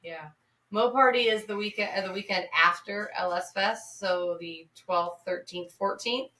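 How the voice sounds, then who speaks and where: A woman's voice: medium pitch, measured pace, bright, forceful tone, recorded from a distance. A woman co-hosting a podcast, chatting casually and promoting events with plenty of fillers. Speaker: podcast co-host. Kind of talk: casual chat. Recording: roomy, off-mic sound.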